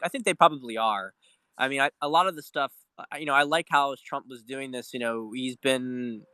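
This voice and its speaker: A man's voice: medium pitch, sharp tone, dry recording. A man hosting a casual political commentary livestream, talking in a rambling, profane way with many restarts and repeated words, reading out viewer questions. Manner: reads viewer questions aloud. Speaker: livestream host.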